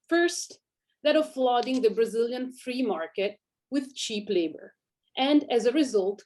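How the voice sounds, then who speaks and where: Woman with an Italian accent, measured. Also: a little high, a little mellow. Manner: measured, read from a script. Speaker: academic researcher. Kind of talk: prepared conference talk.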